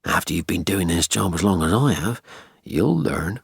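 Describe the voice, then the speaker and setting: A crude, cocky ageing detective trades blunt banter, as a male narrator reads him. The voice is low and husky, with a lively swing in pitch. It is read close and dry for an audiobook. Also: moderate pace, no echo, heavily acted.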